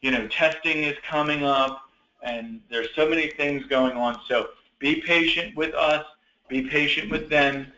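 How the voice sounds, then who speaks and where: A man hosting an online meeting for student teachers, encouraging and apologetic, with many halting restarts. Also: a little high, sharp tone, reverberant, lo-fi sound.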